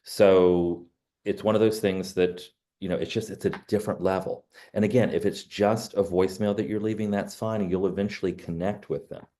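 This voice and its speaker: Middle-aged male realtor, deep and warm, talky coaching delivery. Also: steady tone, moderate pace. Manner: conversational, many "you know" fillers. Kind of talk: training talk with personal stories.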